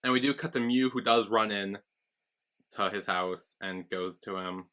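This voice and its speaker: A man's voice: moderate pace, fairly bright tone. A man co-hosting a podcast, casually recapping a TV episode and quoting its characters. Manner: retells scenes plot-style, quoting characters in a lowered voice. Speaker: podcast co-host.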